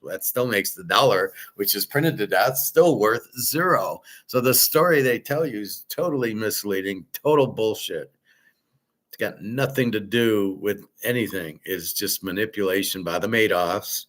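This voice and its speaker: A man's voice: fairly low pitch, normal speed, fairly bright tone. A man hosting a show, ranting bluntly and profanely in commentary. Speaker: show host.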